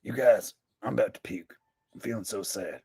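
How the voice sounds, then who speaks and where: A man's voice: fairly low pitch, normal speed, darkish tone, husky, no echo, studio quality, pitched below the performer's own voice. A man putting on a mocking parody of a ranting male talk host, whining sarcastically in an exaggerated voice. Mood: whiny.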